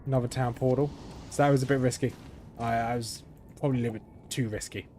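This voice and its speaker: A man's voice: medium pitch, quick pace. A young man giving live commentary while streaming a game, thinking aloud in a chatty way with frequent ums and restarts. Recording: steady background noise.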